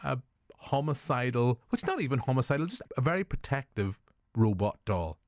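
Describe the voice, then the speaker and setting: A man's voice: medium pitch, big pitch swings, a little fast, no room sound. Joking Northern Irish man, dry sound. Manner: jokey, laughs often, swears casually. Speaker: podcast host, film reviewer. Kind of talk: casual chat.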